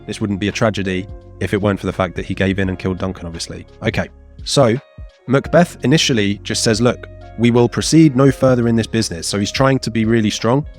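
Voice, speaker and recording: Chatty low-voiced man teaching a lesson. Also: fast talker, faint music behind. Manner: chatty and animated, acting out quotes in playful voices. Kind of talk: casual exam revision lesson.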